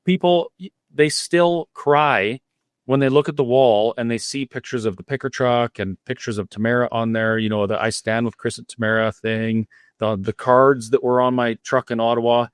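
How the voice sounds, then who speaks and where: A man's voice: mid-range voice, steady tone, normal speed, smooth, no echo, studio quality. A middle-aged man from Alberta, a guest cafe owner, telling his story candidly and earnestly with frequent restarts. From Alberta, Canada. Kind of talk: interview storytelling.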